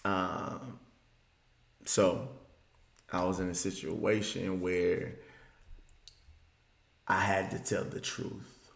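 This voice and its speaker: A man from the Southern US telling a personal story as a speaker, moving between hushed reflection and loud, emphatic bursts. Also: low-pitched, little pitch movement, extremely slow, vocal fry, pauses often, roomy sound.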